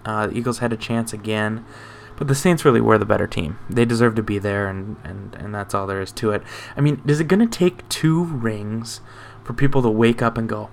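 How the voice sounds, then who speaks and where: Gravelly low-voiced man talking football. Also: brisk, a little hiss or hum. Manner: rambling, self-deprecating, casual. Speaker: sports podcast host. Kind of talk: casual sports chat.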